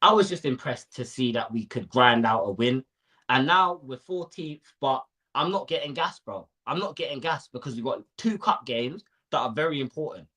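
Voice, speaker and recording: Animated young man ranting. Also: medium pitch, moderate pace. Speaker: football podcast panelist. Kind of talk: casual football chat.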